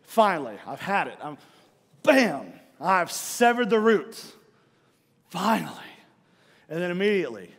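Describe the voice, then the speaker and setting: Man, middle-aged, pastor, sermon, high-pitched, lively storytelling, long hall echo. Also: measured pace, long pauses, husky. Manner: animated storytelling, acts out own frustration. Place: church hall.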